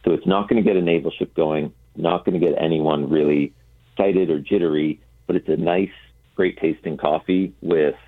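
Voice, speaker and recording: A man with a very deep, slightly husky voice joins a radio show by phone. He explains things patiently and hesitantly, filling pauses with ums. The dry, tinny phone line narrows his sound. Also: steady tone, no room sound. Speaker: guest, coffee roaster. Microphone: telephone.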